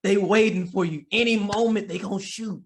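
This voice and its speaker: A man's voice: high-pitched, steady tone, normal speed, a little hiss or hum. A man co-hosting a casual chat podcast, laid-back and joking, with lots of fillers and repeated words. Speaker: podcast co-host.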